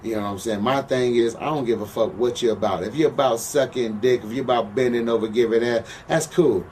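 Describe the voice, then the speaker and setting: A man's voice: medium pitch, fairly quick, darkish tone. A former pro wrestler telling profane, boastful stories in an interview. He keeps asking "you know what I'm saying?". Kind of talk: profane shoot-interview storytelling. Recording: distant mic with faint background noise.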